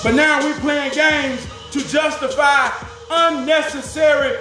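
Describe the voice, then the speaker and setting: Man, impassioned profane rant, very high voice, echoey room, faint music. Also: fairly even intonation, a little slow. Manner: fiery, profane, preaching.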